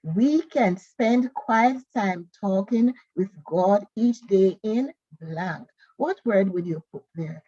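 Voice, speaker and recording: Bible study teacher, woman, husky and unhurried, muffled lo-fi stream audio. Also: medium pitch, mellow, dry recording. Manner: slow, careful reading of scripture and worksheet questions.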